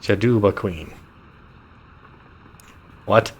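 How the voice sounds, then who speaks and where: A man's voice: lowish voice, very slow, a little hiss or hum. A man streaming a game live, reading the game text aloud with amused asides and chuckles. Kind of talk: live gameplay commentary.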